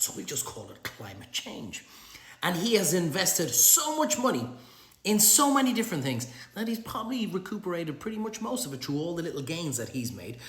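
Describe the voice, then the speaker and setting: A man's voice: fairly high pitch, a bit bright. A middle-aged Irish man delivering a sarcastic, profane monologue as a vlogger. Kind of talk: ranting monologue. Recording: roomy echo.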